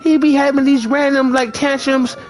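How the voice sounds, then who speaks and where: A man mimicking a panicked young woman begging two men to stop fighting, in a high pleading falsetto. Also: little pitch movement, moderate pace, slight background noise. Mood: apologetic.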